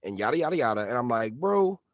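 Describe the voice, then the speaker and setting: A man co-hosting a casual podcast, his voice pitched a little high. He talks in an animated, slangy way and breaks into acted-out quotes. The mic is dry and close. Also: brisk, no echo. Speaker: podcast co-host. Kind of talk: casual chat.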